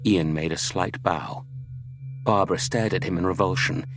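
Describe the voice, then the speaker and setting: A man narrating an audiobook in a steady, dramatic storytelling manner, close to a studio mic. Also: sits low, normal speed.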